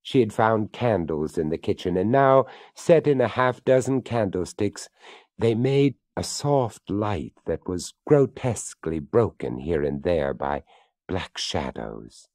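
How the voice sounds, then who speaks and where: A man narrating a ghost story in a theatrical reading, slowing and hushing for suspense. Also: sits low, expressive, no echo, studio quality.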